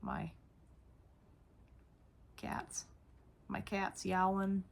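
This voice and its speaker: A woman's voice: mid-range voice, completely flat delivery, extremely slow, creaky. A woman vlogger showing off her toys in a casual, gushing way, often repeating herself. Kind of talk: casual toy show-and-tell.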